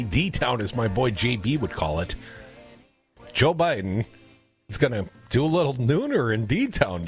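A man co-hosting a radio talk show, joking sardonically through political banter from a studio microphone. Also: medium pitch. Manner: sardonic, jokey, animated. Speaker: radio co-host.

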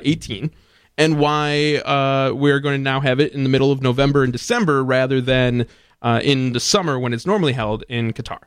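Male host, mid-pitched, chatty with fillers, dry studio mic. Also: clean tone, no echo. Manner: chatty, laughs often, fillers. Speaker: radio host. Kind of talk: casual radio chat.

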